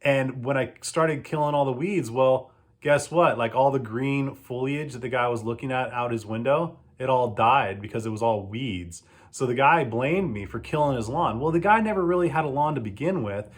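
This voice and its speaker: Middle-aged male business owner, casual and lively, acts out the dialogue in his stories, average pitch. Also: normal speed, few pauses. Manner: animated storytelling, acts out quoted exchanges. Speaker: lawn care business owner. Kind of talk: casual advice talk.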